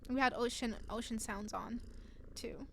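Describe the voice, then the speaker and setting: A woman streamer with a fairly high voice chats casually with her viewers at a measured pace, telling stories animatedly and giggling often. There's a little hiss or hum in the recording, and a cat can be heard faintly purring.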